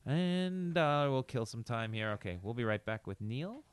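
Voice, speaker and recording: A man runs a quick quiz, his voice smooth and resonant at a middle pitch. He reads each slogan out and teases the players. The sound is dry and close. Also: lively intonation, dry recording. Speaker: quiz host. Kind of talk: casual quiz banter.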